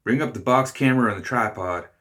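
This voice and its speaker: A man's voice: mid-range voice, fast, a bit bright, pitched above the performer's own voice, natural voice. A man voicing a skinny, privileged male explorer who gives eager commands to his hired hands.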